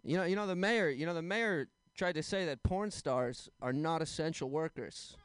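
Young male stand-up comic, deadpan delivery, smooth slightly higher voice, dry close sound. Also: no room sound. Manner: deadpan one-liners with quick asides to the crowd. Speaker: stand-up comedian. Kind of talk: stand-up set at an open mic.

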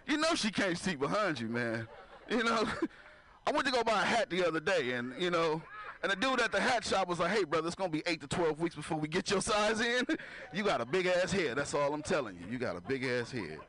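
A man's voice: on the high side, big pitch swings, brisk, pushed and bright. A man performing a stand-up comedy set on a club stage, talking loosely to the crowd and laughing at his own jokes. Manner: loose, conversational, keeps asking the crowd to clap. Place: comedy club stage before a live audience.

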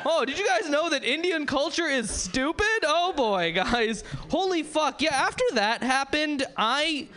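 A man's voice: extremely high pitch, expressive, moderate pace, hardly any pauses, bright, forceful tone. A man in his twenties doing a rambling, self-mocking stand-up set, talking to the crowd. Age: 20s. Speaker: stand-up comedian. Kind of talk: stand-up set at an open mic.

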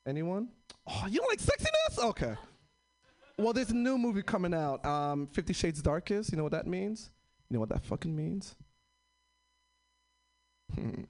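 A male stand-up comedian on a packed comedy stage. He teases the crowd with rhetorical questions in an animated way. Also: high voice, moderate pace, long pauses.

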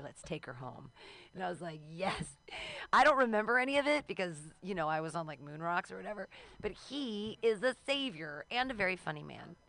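Bright creaky-voiced woman hosting an open mic. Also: lowish voice. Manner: loose, joking, cheering acts on. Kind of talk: emceeing a comedy open mic.

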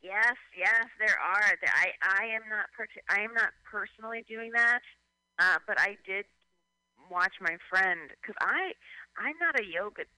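A man chatting casually on the radio, rambling in an animated way, full of "like" and restarts. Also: high-pitched, normal speed, clear, resonant tone, dry recording, poor audio. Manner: animated, rambling, heavy use of "like". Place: at home in San Francisco.

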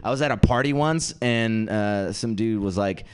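A man's voice: lowish voice, normal speed, clear, resonant tone. A young man hosting a comedy night and doing a self-mocking stand-up set. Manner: lively, self-mocking, switches into mock voices for quoted people. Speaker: comedy show host and stand-up comic. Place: comedy venue with live audience.

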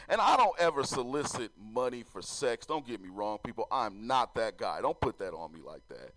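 Lively, loose stand-up comedian, man. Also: medium pitch, normal speed, no echo, poor audio. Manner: loose, swearing, talks to the crowd.

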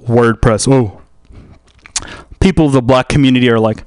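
A man's voice: medium pitch, normal speed, a little mellow, dry recording. A male radio show host giving an erratic, profane late-night monologue in a studio, jumping between mocking impressions.

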